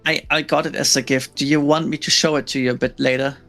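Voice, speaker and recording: A woman's voice: a bass voice, steady tone, fast, a bit bright, soft background music. A woman streamer hosting a casual gaming chat, laid-back and tired, who swears casually. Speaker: streamer host.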